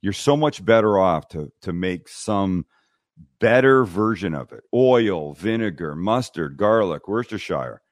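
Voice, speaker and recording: A man's voice: low voice, a little slow, no room sound, clean studio sound. A middle-aged man, a cooking show host, telling stories bluntly and acting out the people in them during a casual interview. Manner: blunt, animated storyteller who acts out dialogue. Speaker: TV and YouTube cooking host, guest. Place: podcast studio. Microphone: studio microphone.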